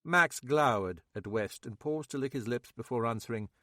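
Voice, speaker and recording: Reading an audiobook script, a man keeps his delivery measured and expressive in a mid-range voice. The sound is clean studio audio without any echo.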